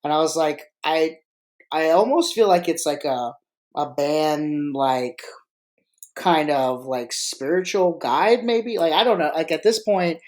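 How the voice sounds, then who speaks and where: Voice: medium pitch, a little slow, darkish tone. A podcast host and freelance choreographer chatting casually, rambling and joking with many restarts. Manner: rambling, self-interrupting, joking. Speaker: freelance marching arts choreographer. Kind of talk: casual live podcast chat.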